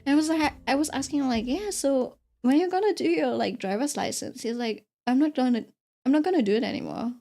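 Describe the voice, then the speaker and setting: A young woman with a high, warm voice chats quickly and casually while drawing on a stream. She rambles, laughs often, and fills her talk with lots of fillers.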